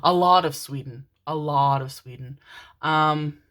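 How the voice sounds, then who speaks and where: A woman's voice: low-pitched, measured pace, fairly bright tone. A woman giving a casual pick-a-card tarot reading, chatty and rambling, often breaking into laughter.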